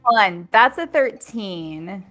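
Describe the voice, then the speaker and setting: A woman's voice: mid-range voice, animated, extremely slow, pushed and bright, faint music behind. A woman playing in a tabletop game, declaring her attacks with hesitant fillers. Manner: hesitant, full of fillers while declaring actions. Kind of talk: casual game chat.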